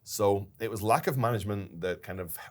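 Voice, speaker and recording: A man with a very low voice recounts a story in a relaxed business chat. He tells it with animation and laughs now and then as he co-hosts. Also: a little fast. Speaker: company founder and podcast co-host.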